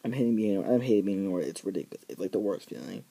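A man's voice: sits low, expressive, very fast, dark tone, breathy edge. A teenage boy ranting casually on his vlog, profane and rambling, full of filler words. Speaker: vlogger.

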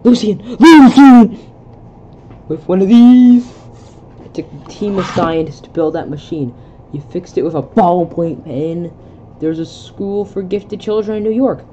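Young person reading a movie script out loud, trips over words, mellow voice, muffled cheap mic. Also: medium pitch, normal speed, a little hiss or hum. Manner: reads stage directions aloud, stumbles, breaks off to comment in bewilderment. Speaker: video creator. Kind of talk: casual reading of a film script aloud.

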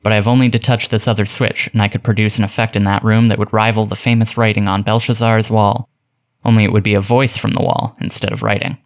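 A man reading aloud and voicing a confident male criminologist who gives crisp, commanding orders. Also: on the low side, little pitch movement, quick pace, natural voice. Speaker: detective giving orders.

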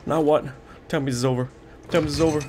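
A man's voice: a little high, fairly even intonation, very fast, background noise. Panicky swearing let's player man. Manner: panicky, swearing, jokey self-talk. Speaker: game streamer. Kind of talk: let's play commentary.

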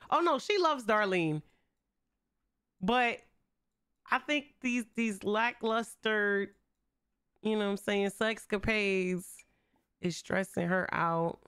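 A woman's voice: mid-range voice, takes it slowly, pauses often, fairly bright tone, clean tone, no room sound, clean studio sound. A young woman streaming a life-simulation game, chatting in slang and talking to her characters as she plays. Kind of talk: casual game commentary.

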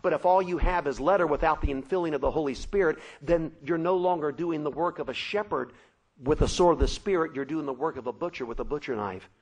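A man preaching a sermon, telling a story dramatically with shouted sound effects. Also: on the high side, quick pace, poor audio.

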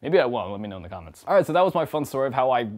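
A man's voice: medium pitch, sing-song, rapid-fire. A young man and indie filmmaker telling a story to camera in a casual, upbeat way, chatty and laughing often.

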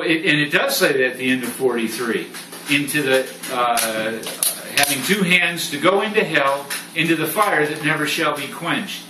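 A man leading a Bible study group, reading scripture aloud and telling stories in an animated way. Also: a little high. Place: room with a small study group. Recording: roomy sound from a distant mic with faint noise.

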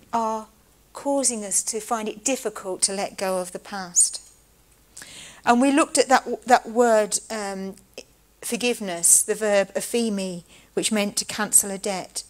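A woman preaching a sermon in a measured, conversational way. She slows down to stress key words and drops in casual asides. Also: medium pitch, poor audio.

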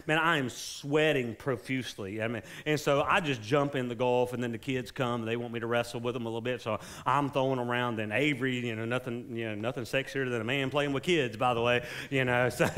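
A pastor, preaching a sermon in a joking, conversational way that builds to fervent exhortation. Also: male voice, mid-range voice, fairly even intonation, a little fast, hardly any pauses, fairly bright tone. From South Carolina, US.

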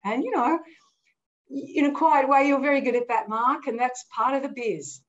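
A woman's voice: high-pitched, normal speed. A woman moderating a panel discussion, encouraging and complimentary toward the guests. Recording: dull lo-fi audio.

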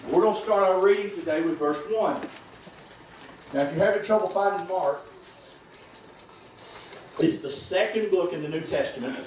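A man preaching a sermon as pastor, reading scripture aloud in a measured, deliberate way with pauses, recorded in a church sanctuary. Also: high-pitched, darkish tone, a little hiss or hum. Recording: echoey church room from a distance.

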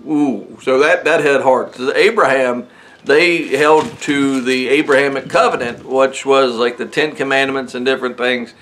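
A man's voice: mid-range voice, steady tone, normal speed, fairly bright tone, slight background noise. A man preaching in church, reading Bible verses aloud and explaining them in a loose, conversational way with frequent chuckles and fillers. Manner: conversational, chuckles often, many fillers and restarts. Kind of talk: casual sermon with Bible reading. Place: church sanctuary.

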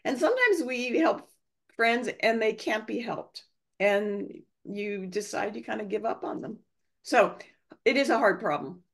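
A woman's voice: fairly high pitch, a little slow. A woman, the guest speaker, explaining ideas in a discussion over a video call. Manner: animated, explanatory.

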